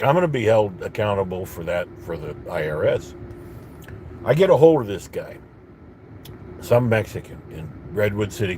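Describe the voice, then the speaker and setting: A man with a fairly low voice rants bitterly in a casual monologue, coughing at times. He rambles and restarts his sentences. A faint hum of background noise sits under his voice. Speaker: vlogger.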